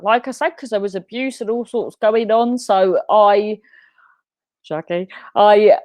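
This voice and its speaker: Woman, 30s, comic storyteller, chatty and laughing, mid pitch, dry close sound. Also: measured pace, dry recording. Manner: chatty, laughing, self-mocking, lively pitch jumps. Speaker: guest telling her story.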